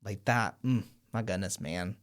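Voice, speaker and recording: A man's voice: lowish voice, measured pace. A man hosting a podcast, chatting casually and enthusiastically about an episode. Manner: animated, enthusiastic storyteller. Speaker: podcast host.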